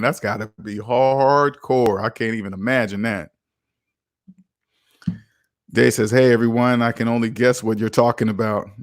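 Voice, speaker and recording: A man's voice: mid-range voice, no echo, studio quality. A man hosting a casual finance livestream, reading viewer comments aloud and teasing them with a joking manner.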